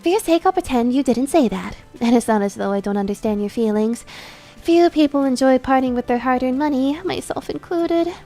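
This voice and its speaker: A woman's voice: sits high, brisk, warm tone, faint music behind. A woman voicing a prim, sweetly menacing landlady who speaks in genteel tones and veiled threats, reading a game's dialogue on stream.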